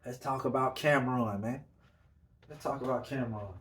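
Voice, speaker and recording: Animated man hosting a casual podcast. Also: mid-range voice, moderate pace. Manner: loose, animated, repeats "man" and "you know what I'm saying". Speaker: podcast host. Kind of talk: casual solo podcast talk.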